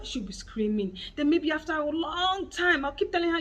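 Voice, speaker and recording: A Nigerian woman telling a casual, animated story to her vlog audience and acting out her child's cries. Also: sits high, fairly quick, far from the mic, poor audio. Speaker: mother and vlogger.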